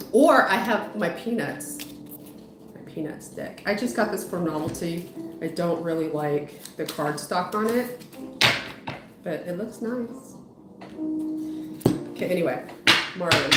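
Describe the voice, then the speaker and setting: Slow-talking woman reading tarot live. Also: lowish voice. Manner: chatty, greets viewers, trails off and restarts. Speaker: spiritual medium and psychotherapist. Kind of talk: casual livestream chat with tarot readings. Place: home, dog heard outside. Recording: roomy sound with music behind.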